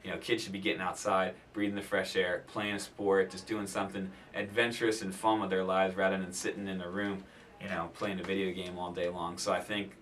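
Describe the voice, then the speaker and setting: A man's voice: deep voice, level tone, fairly quick, fairly bright tone, distant mic, slight background noise. A man giving his opinion in an interview, hesitant and full of fillers. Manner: hesitant, full of "you know" and "like".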